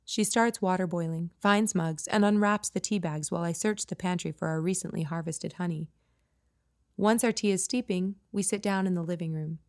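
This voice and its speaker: A woman reading her own novel aloud as a first-person audiobook narrator, plain and even. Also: on the low side, moderate pace. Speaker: author and narrator.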